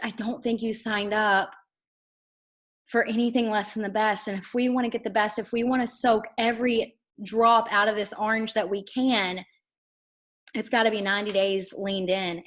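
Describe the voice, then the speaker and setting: Woman, slightly high voice, earnest and emphatic motivational coaching, video-call sound. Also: fairly bright tone. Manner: earnest, emphatic, apologetic asides, rallying the group. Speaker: network marketing team coach.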